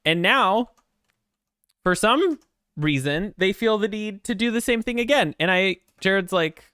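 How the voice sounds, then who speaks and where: A man talks to his stream from a home desk, rambling and jittery, dropping curses and poking fun at himself. His voice sits fairly high for a man and comes across smooth and resonant. The sound is dry and close. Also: animated, unhurried, bright, forceful tone, dry recording. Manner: rambling, swears a lot, jittery and self-mocking. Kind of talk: casual chat before a game stream.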